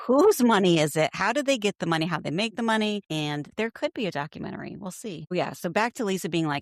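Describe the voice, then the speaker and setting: A woman's voice: medium pitch, animated, brisk, few pauses, no echo, studio quality. A woman co-hosting a podcast, recapping reality TV in casual chat, blunt and swearing freely, often laughing and acting out quotes. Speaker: podcast co-host.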